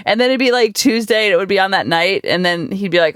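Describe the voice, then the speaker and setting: A middle-aged woman, a podcast host and coach, chats casually and animatedly with plenty of fillers. Her mid-range voice moves fast with hardly any pauses. The audio is clean studio sound from a studio podcast microphone, with no room sound.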